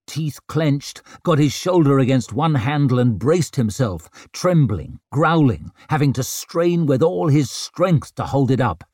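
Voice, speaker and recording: A man's voice: mid-range voice, darkish tone, no room sound, clean studio sound. A man reading a novel aloud as an audiobook narrator, telling the story dramatically. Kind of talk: scripted narration.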